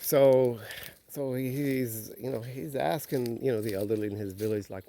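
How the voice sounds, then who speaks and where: A man telling a story on a walk, relaxed, with many filler phrases. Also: mid-range voice, moderate pace. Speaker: vlogger. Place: outdoors on a nature walk.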